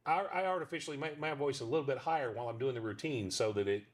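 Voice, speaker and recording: A man's voice: mid-range voice, racing. A man who is a ventriloquist and voice actor, chatting in an interview and telling rambling stories with frequent fillers. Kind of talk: casual interview chat.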